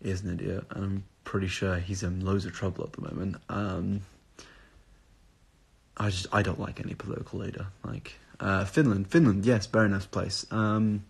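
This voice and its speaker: A tired young man, awake at odd hours, takes viewer questions on a phone live stream, reading comments aloud and wandering off topic with the occasional swear. His low, gravelly, husky voice comes out flat at a moderate pace.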